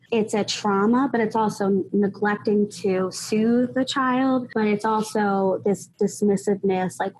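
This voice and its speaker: A woman's voice: mid-range voice, darkish tone, rough recording. A woman who is a guest therapist on a podcast, explaining things at length and often adding "like" and "you know". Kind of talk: podcast interview.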